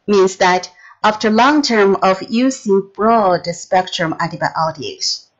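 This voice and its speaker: Slow, halting woman lecturing. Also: lowish voice, dull audio. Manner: halting, many restarts and fillers, non-native phrasing. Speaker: pharmacology lecturer. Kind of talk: recorded lecture.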